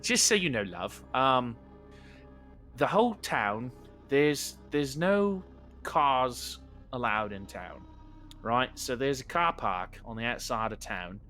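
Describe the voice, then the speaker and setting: A man's voice: mid-range voice, normal speed, hardly any pauses, pushed and bright, soft background music, close to an everyday voice. A man voicing a jolly male town council official in a mock British accent that keeps drifting into Australian.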